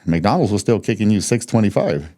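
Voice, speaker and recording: The voice is on the low side, dark in tone, expressive and brisk: a man in his thirties from the United States, guesting on a podcast. He tells his story frankly and bluntly, with free swearing and laughs between points.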